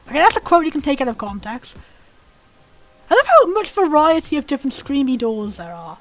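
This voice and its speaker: A British woman giving bubbly, excitable commentary while playing a video game. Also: high voice, normal speed, faint music behind. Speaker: let's play host. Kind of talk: gameplay commentary.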